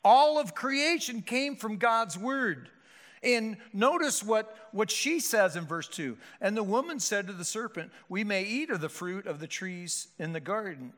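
A man's voice: high-pitched, lively intonation, unhurried, fairly bright tone. A male pastor preaching a sermon with emphatic, rhetorical delivery and frequent restarts. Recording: hall reverb.

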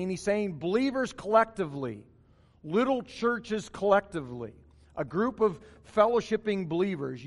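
A man's voice: high-pitched, big-room sound. A man preaching a morning sermon as pastor, stressing key phrases by repeating them.

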